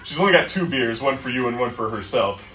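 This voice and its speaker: Lively, laughing game master. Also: male voice, medium pitch, fast talker, recorded from a distance. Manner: laughing often, lively storytelling. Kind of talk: narrating a tabletop horror game. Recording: echoey room with faint music.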